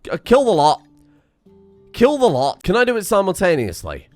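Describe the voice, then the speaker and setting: A man giving excitable, self-mocking commentary while playing a game, thinking aloud and swearing. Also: high voice, normal speed, faint music behind. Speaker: gaming streamer. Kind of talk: casual gameplay commentary.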